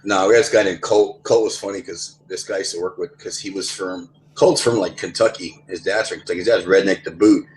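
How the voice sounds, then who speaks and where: A man's voice: low voice, fairly even intonation, brisk, few pauses, low-quality recording. A young man in a casual online voice chat, telling rambling, profane stories on a headset mic. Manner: rambling, profane, many restarts. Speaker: gamer in voice chat.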